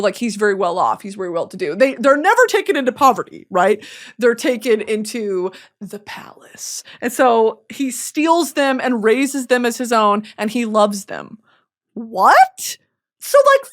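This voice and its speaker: Profane ranting woman host. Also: a little high. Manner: profane, ranting, swings from quiet reflection to shouting. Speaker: podcast host. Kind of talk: casual comedic monologue.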